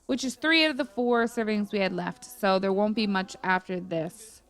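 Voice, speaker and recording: A woman's voice: mid-range voice, normal speed. Chatty woman narrating a game. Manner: chatty, rambling with many fillers. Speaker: gaming YouTuber. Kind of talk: casual gameplay commentary.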